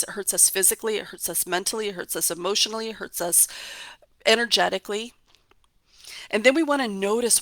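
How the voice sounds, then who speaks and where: A woman's voice: mid-range voice, sharp tone, no room sound. A woman hosting a motivational talk, coaching her listeners in an emphatic, repetitive way. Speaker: host.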